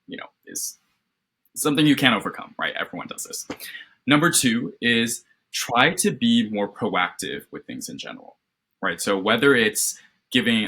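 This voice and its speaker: After a mock interview, a man gives the candidate structured feedback by video call, frequently asking "right?" to check in. His slightly low, husky voice carries a bright, encouraging tone.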